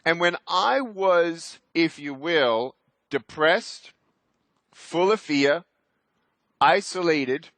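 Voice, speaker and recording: High, bright, energetic motivational speaker man. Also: extremely slow, pauses often, no echo. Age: 30s. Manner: energetic, emphatic, swings into loud bursts. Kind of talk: keynote speech.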